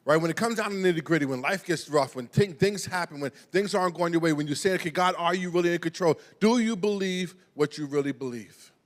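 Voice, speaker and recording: A man's voice: on the high side, a little fast, few pauses. A middle-aged man preaching a sermon in a conversational way, restarting words and often asking "right?". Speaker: pastor. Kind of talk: sermon with personal storytelling. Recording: long hall reverb.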